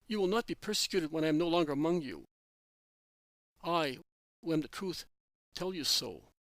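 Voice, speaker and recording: A man voicing Jesus, a calm, stern adult teacher, speaking in a measured way in a read-aloud story. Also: fairly high pitch, no echo.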